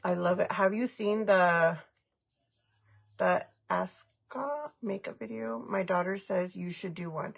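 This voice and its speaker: A woman's voice: medium pitch, measured pace, creaky. A middle-aged woman chatting casually on a makeup livestream, giggling, greeting viewers by name and mixing Spanish phrases into her English. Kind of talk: casual live-stream chat.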